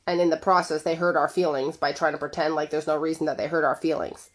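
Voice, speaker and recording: A woman relationship coach giving a conversational talk to her viewers, acting out quoted lines with lively shifts in voice. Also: sits low, fast talker. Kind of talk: direct-to-camera coaching talk.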